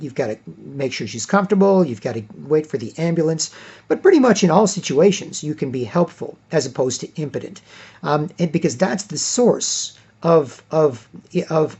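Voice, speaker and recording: The audio is dull, carrying a man's fairly high-pitched voice that is dark in tone and slightly rough. He's a commentator in a casual monologue, hammering points emphatically, repeating himself, and acting out quotations.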